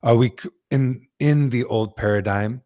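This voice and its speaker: A man hosting a podcast, speaking in slow, earnest spiritual musings. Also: medium pitch, warm tone. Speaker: host.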